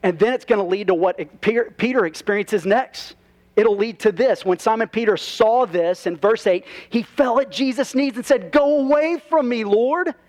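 A man's voice: high voice, normal speed, a little mellow. A man preaching a sermon to his congregation as pastor, conversational, with rhetorical questions and asides. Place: church.

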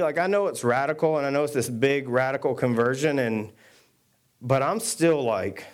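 A man preaching a sermon, telling stories with self-deprecating humor and reading scripture aloud at a quick clip. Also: medium pitch, lively intonation. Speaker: pastor. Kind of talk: conversational sermon.

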